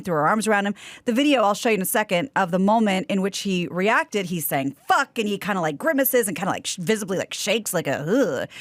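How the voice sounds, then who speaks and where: A woman co-host reading news stories in a brisk, chatty, amused way. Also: medium pitch, no echo, studio quality. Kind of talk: casual news reading and chat.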